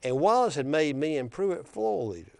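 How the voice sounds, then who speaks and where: A man's voice: fairly high pitch, big pitch swings, moderate pace, vocal fry, no echo. An older man, hosting a political talk show and telling rambling, folksy anecdotes with frequent restarts. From Alabama. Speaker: political commentator and show host. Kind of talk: casual storytelling chat.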